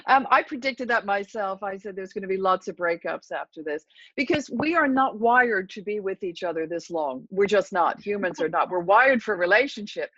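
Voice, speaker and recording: A woman's voice: medium pitch, lively intonation, moderate pace, dry recording. Woman therapist guest, confident instructor, dry dull lo-fi remote audio. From England. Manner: confident, instructive, warm-paced coaching. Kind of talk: interview answers with a guided breathing demo.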